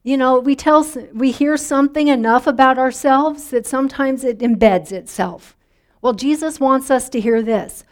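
Woman pastor, middle-aged, conversational sermon, slightly high voice, talks with the congregation. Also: moderate pace. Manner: conversational, inviting congregation responses.

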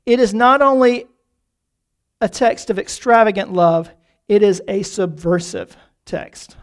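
A man preaching a sermon, often calling the congregation folks and repeating key phrases, slowing down to stress them. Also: sits high, smooth. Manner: slows down on key phrases for emphasis.

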